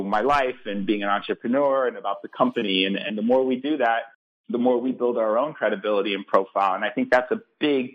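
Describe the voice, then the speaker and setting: A man with a somewhat low voice, speaking as a startup founder being interviewed. He talks earnestly and with enthusiasm, stumbling over repeated words as he begins a thought. He sounds like someone who believes in what he is saying. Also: lo-fi sound. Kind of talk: interview answers.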